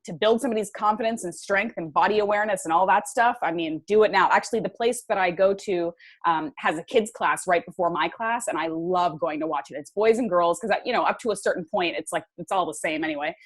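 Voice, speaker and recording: A woman's voice: on the low side, fast. A woman in her thirties, a podcast guest talking enthusiastically in loose, run-on phrases. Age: 30s. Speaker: podcast guest, fitness writer. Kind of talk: casual interview chat.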